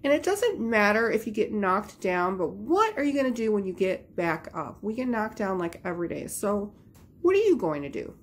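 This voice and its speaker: A woman's voice: medium pitch, sing-song, normal speed, hardly any pauses. A middle-aged woman talks straight to her vlog audience in a casual, upbeat way. She rambles a little, filling her sentences with ums and likes as she walks through her goals. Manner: chatty, upbeat, many fillers. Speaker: beauty vlogger.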